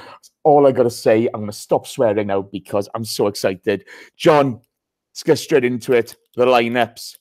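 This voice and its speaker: A man hosting a live podcast stream, loud and excitable, swearing freely and reading out chat names over a video call. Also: mid-range voice, moderate pace. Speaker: podcast host.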